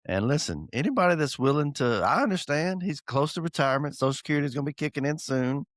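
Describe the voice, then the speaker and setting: A middle-aged man, teasing and laughing through a casual podcast chat. His pitch swings widely, and the recording is close and dry with no room sound. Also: animated, quick pace, no echo. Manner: joking, teasing, laughs often. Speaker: podcast co-host.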